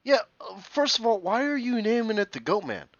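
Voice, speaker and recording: A sarcastic male podcast co-host who laughs often and swears as he talks. His voice is slightly high, recorded dry with a dull, muffled tone. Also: very animated, fairly quick, no room sound. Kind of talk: casual, profane podcast banter. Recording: dull, dry close mic.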